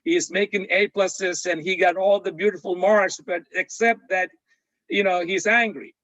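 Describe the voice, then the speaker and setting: A man voicing a kindly, flattering Saint Peter at heaven's gate. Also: high-pitched, moderate pace, dry recording, rough recording. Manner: flattering, fussing.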